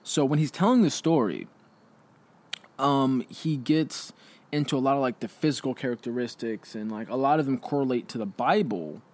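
A man's voice: medium pitch, moderate pace, a little mellow. A young man hosting a casual conversation, rambling with lots of fillers and restarts.

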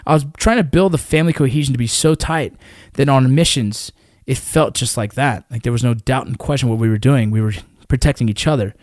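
A man's voice: medium pitch, a little fast, a little mellow, dry recording, studio quality. A man in his thirties or forties, a military veteran guest talking in a blunt, profane, emphatic way in casual conversation.

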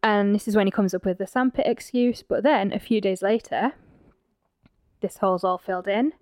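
A woman's voice: medium pitch, normal speed, a little mellow, no echo. Blunt, teasing woman podcaster. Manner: teasing and blunt, narrating a case with asides. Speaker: podcast host. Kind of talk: casual true-crime podcast narration.

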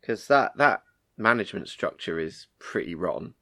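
A man's voice: low-pitched, expressive, normal speed, gravelly, bright, forceful tone. Wry man in casual chat. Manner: dry, wry, laughs often.

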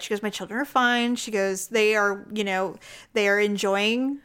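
A woman's voice: mid-range voice, fairly quick, clean tone. A middle-aged woman co-hosting a podcast, telling stories in casual chat, acting out quotes and swearing freely. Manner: animated storyteller, acts out quotes, swears freely. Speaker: podcast co-host.

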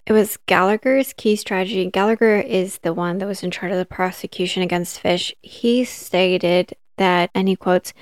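Casual woman doing a true crime story, says like a lot, swears when shes mad, mid pitch, dry close sound. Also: steady tone, normal speed, hardly any pauses, a little mellow, no echo. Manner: chatty, heavy on "like", swears when outraged.

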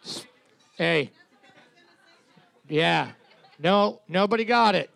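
A man's voice: high-pitched, animated, creaky, a bit bright, no room sound, a faint crowd. A man co-hosting a live trivia night, tallying answers and joking sarcastically with profanity. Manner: sarcastic and profane, quick to exaggerate. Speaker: trivia co-host and scorekeeper. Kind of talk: live pub trivia banter.

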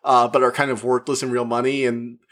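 A man giving a casual, rambling spoken movie review, chatty and full of fillers, who acts out the characters' lines in quick put-on voices. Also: mid-range voice, level tone, fairly bright tone. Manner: rambling, with frequent fillers and restarts. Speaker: media reviewer.

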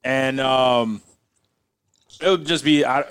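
A man's voice: medium pitch, slow pace, a bit bright, clean tone, no echo, clean studio sound. Laid-back man telling stories in casual chat. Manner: laid-back storytelling with frequent restarts and quoted dialogue.

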